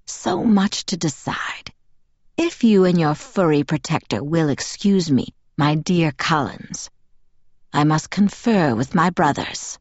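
A slow, caressing ancient male vampire leader, put on by a woman reading a storybook, lowered a little below her own voice. His words are soft and affectionate. The recording is dry and somewhat dull. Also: animated, no room sound. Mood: businesslike.

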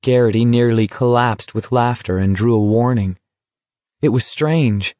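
Brief: male audiobook narrator, unhurried, dry close sound. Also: medium pitch, dark tone, no room sound. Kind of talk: scripted narration.

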